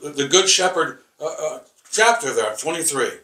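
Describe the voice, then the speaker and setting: A man teaching a rambling Bible lesson, halting and repeating words with many fillers, emphatic and combative. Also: a little high, lively intonation, pushed and bright. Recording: echoey room, voice from far off.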